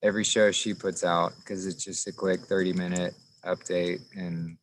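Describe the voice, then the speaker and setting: Man, very deep voice, casual chat, easygoing, outdoors, faint crickets and insects behind. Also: flat delivery, moderate pace, a little hiss or hum, low-quality recording. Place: outdoors in a forest.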